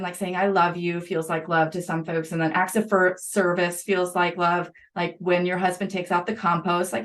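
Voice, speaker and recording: A middle-aged woman speaks in a mid-range voice while being interviewed for a podcast. A school psychologist, she keeps things lively and conversational with quick asides.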